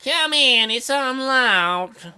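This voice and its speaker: A man voicing a gruff male sailor with a working-class lilt who talks in a curt, mocking way. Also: very high-pitched, expressive, drawn-out words, bright, forceful tone, soft background music, exaggerated voice.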